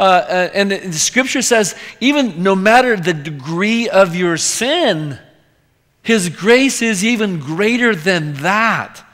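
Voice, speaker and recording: A man preaching an expository sermon as pastor, fervent, repeating words and dropping to a hushed whisper at times. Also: a little high, in a large hall. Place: church sanctuary.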